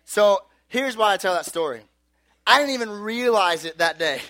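High-voiced man telling an animated story. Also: normal speed, dry recording, studio quality. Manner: animated, filler-heavy storytelling with acted-out quotes. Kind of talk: storytelling sermon.

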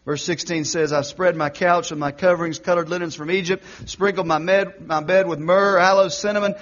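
A high-pitched male pastor preaching a sermon, swinging from shouted exhortation down to near-whispered intensity. The recording is dull and lo-fi. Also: fairly even intonation, fairly quick.

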